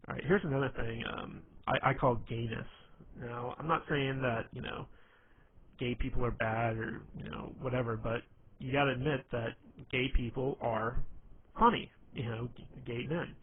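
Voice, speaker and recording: A young man talks through dating advice in a loose, rambling way, stuttering over restarts and leaning on "you know." His voice sits at a middling pitch. It comes through a thin, phone-like channel with a faint hiss underneath. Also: fairly even intonation, normal speed. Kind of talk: casual instructional monologue. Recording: tinny phone-like audio, faint noise.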